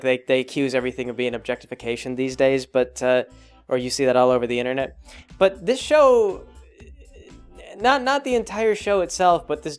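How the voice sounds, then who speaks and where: A young man with a slightly high, clear and resonant voice reviews a show as a blog host. He chats casually but rambles and hesitates, full of fillers and restarts.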